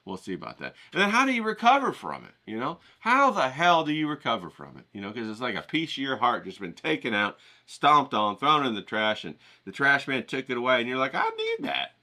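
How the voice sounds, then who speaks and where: Animated, bright-voiced man ranting casually. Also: mid-range voice, fairly quick, few pauses. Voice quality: animated and profane, acts out quoted voices. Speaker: vlogger painting outdoors. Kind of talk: casual rambling monologue.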